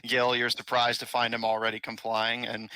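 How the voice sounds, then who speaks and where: A man narrating as game master of a tabletop game, halting with many fillers. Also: medium pitch, completely flat delivery, bright, forceful tone, smooth, no echo, poor audio.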